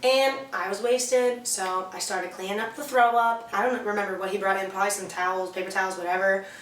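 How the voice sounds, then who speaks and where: A woman's voice: medium pitch, steady tone, a little fast, music in the background. A young woman casually telling a candid, profane story as a vlog co-host. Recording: echoey room, mic far off.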